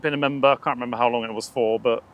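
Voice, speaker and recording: A man co-hosting a live plane spotting stream outdoors at an airport, chatting in a relaxed way. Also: mid-range voice, very fast. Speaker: stream co-host.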